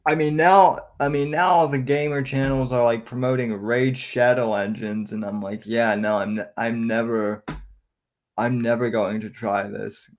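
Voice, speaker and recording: A man's voice: medium pitch, fairly even intonation, unhurried. A man co-hosting a podcast, chatting casually and often restarting his sentences. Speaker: podcast co-host.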